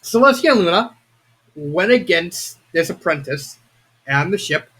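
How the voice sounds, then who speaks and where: A young man giving a casual, rambling video review of a fan story, excitable and prone to restarts. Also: high-pitched, measured pace. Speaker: fanfiction reviewer.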